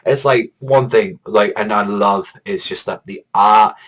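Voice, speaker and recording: A man hosting a manga reaction video in excitable, rambling casual commentary, swearing a lot and stacking fillers. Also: fairly low pitch, unhurried, poor audio. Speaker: manga reaction channel host.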